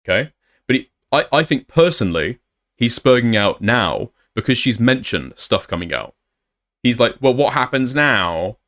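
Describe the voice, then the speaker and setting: A man's voice: mid-range voice, sing-song, moderate pace, a bit bright. A man doing sarcastic, blunt commentary while reading messages aloud.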